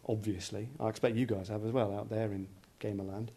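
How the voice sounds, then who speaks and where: A man's voice: on the low side, little pitch movement, a little fast, gravelly, warm tone, slightly rough. Chatty man hosting a podcast. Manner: rambling, chatty, many restarts. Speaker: podcast host, magazine editor. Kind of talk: casual studio chat. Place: studio.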